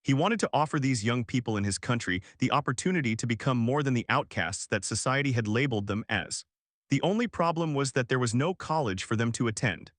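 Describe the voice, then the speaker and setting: A man's voice: mid-range voice, fairly bright tone, no echo, clean studio sound, close to an everyday voice. A man voicing a confident male businessman telling a story in an audiobook.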